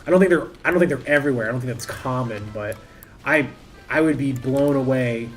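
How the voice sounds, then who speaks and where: A man's voice: medium pitch, brisk, faint music behind. A man streaming a game, chatting casually and thinking aloud in a rambling, self-interrupting way. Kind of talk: casual live-stream commentary.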